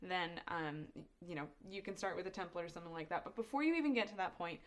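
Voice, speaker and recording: A woman's voice: lowish voice, quick pace. A woman co-hosting a podcast in casual chat, upbeat and laughing often. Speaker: podcast co-host.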